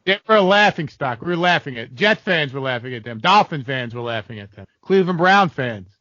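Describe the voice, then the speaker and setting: Profane ranting man, bright voice. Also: mid-range voice, lively intonation, a little fast, no room sound, dull audio. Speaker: podcast co-host. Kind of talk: casual sports betting chat.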